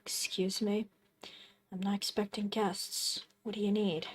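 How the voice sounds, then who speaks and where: A woman's voice: medium pitch, flat delivery, unhurried, husky. A woman reading the lines of a paranoid, hostile lone man, curt and swearing. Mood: irritated. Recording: loud game music behind.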